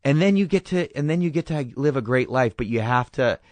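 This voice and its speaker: A man's voice: medium pitch, lively intonation, fairly quick, a little mellow, dry recording. A man in his thirties, a guest in a casual interview, talking earnestly and reflectively and telling stories with quoted dialogue.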